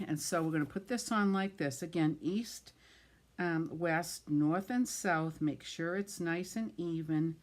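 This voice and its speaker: A middle-aged woman with a medium-pitched voice chats through a card-making tutorial as she works. She is self-deprecating, trips over her words, and laughs it off.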